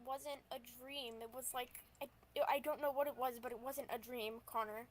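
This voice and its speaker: A woman voicing an earnest, shaken young female vampire in a tabletop game, talking in halting, stammering restarts. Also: high voice, fairly even intonation, a little hiss or hum, close to an everyday voice. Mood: insistent.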